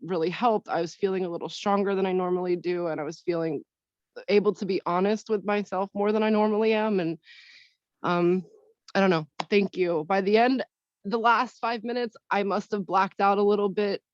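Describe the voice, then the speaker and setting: A woman taking part in a breathwork session shares her experience on a video call, speaking candidly and haltingly while she searches for words. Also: medium pitch, fairly even intonation, no echo. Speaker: session participant. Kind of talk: personal sharing on a video call. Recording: dull, dry video-call audio.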